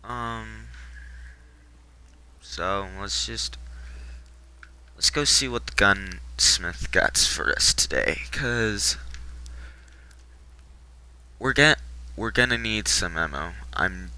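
A man's voice: lowish voice, drawn-out words, pauses often, sharp tone, clean tone, poor audio. A man streaming a game live, talking casually in a laid-back, profane, muttering way, and sounding sleepy. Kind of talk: casual live gameplay commentary.

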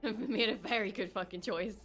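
A woman reacting to a show as she watches, excitable and swearing freely, with laughs and gasps. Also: mid-range voice, normal speed, soft background music. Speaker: reaction streamer. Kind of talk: live reaction commentary.

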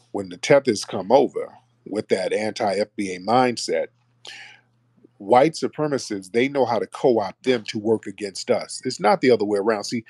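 A man's voice: medium pitch, darkish tone, husky, no room sound. Blunt mocking man hosting a talk show. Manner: blunt, mocking, puts on voices to mimic callers. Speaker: host. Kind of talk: call-in audio talk show.

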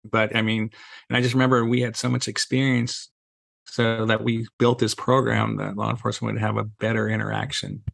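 A middle-aged man speaks as a guest on a podcast in a low, gravelly voice. His pitch stays fairly level as he strings anecdotes together with "you know" and acts out bits of dialogue, and the sound is dry. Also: little pitch movement, fairly quick, a bit bright, no room sound. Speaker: podcast guest, safety trainer. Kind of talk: casual conversational storytelling.

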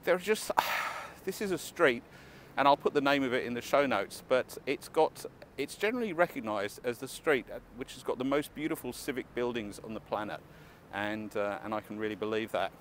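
A man's voice: medium pitch, normal speed, a bit bright. A man vlogging casually to camera outdoors on a city street, chatty and enthusiastic with wry asides. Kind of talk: casual walking vlog to camera. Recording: faint street noise outdoors.

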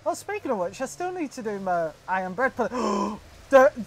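A woman's voice: on the high side, sing-song, moderate pace, a little hiss or hum. A woman hosting a casual let's-play, reacting to the game with frequent squeals and exclamations. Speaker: gaming video host.

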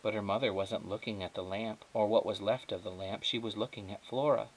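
A male teacher reading a children's chapter book aloud, narrating in a steady, measured way. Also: fairly low pitch, rough recording. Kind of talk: storybook read-aloud.

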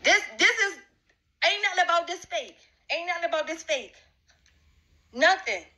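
High, bright-voiced confrontational woman. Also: lively intonation, normal speed, rough recording. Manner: confrontational, repetitive, emphatic. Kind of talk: direct-address accusation.

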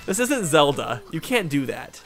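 A man's voice: on the high side, big pitch swings, normal speed, fairly bright tone. A young man in casual gaming banter, teasing and cracking crude jokes. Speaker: gaming commentator.

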